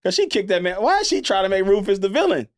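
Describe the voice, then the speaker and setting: A man with a slightly raised pitch recapping a TV episode, animated and acting out the characters' lines as he goes. The sound is close and dry, with no room echo. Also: fast talker. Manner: animated retelling, acts out lines. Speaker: podcast co-host. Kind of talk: casual recap chat.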